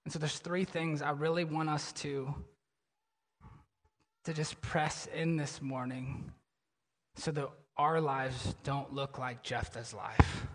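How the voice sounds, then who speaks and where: A male pastor preaching a sermon, telling stories with animation and sinking into a low, somber tone. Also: steady tone, slow pace, fairly bright tone, in a large hall.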